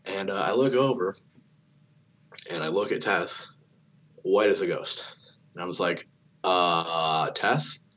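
A young man with a low, fairly bright voice takes a measured pace, pausing often, as he tells a long, casual story. He curses freely, leans on "like," and acts out what people said.

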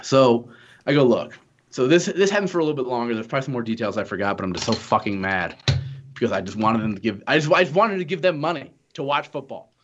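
A man's voice: medium pitch, fast, faint music behind. Exasperated young man ranting, lo-fi. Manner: exasperated, profane, animated retelling. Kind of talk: casual storytelling rant.

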